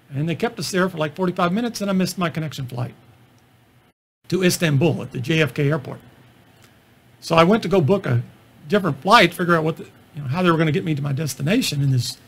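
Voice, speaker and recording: Middle-aged guy telling travel stories in a talk, gravelly and husky, pokes fun at himself. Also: fairly high pitch. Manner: self-deprecating storyteller, relaxed asides. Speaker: physician lecturing on stand-up comedy. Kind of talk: anecdotal presentation.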